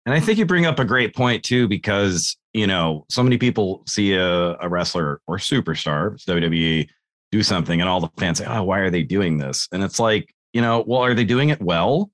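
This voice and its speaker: A man's voice: on the low side, animated, fairly quick, fairly bright tone. A man co-hosting a podcast, asking rambling, jokey questions in casual chat. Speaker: podcast co-host.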